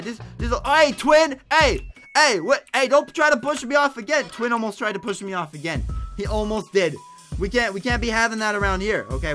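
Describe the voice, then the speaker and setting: A young man livestreaming a game, talking excitedly with many stammered restarts and frequent laughs. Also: high-pitched. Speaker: gaming livestreamer. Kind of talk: live gameplay commentary.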